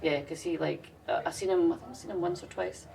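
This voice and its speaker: A woman's voice: fairly low pitch, steady tone, quick pace, gravelly, dark tone, far from the mic. A woman with an English accent, hosting a casual, chatty interview and laughing at herself. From England. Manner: chatty, giggly, self-deprecating. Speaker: podcast host. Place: festival grounds.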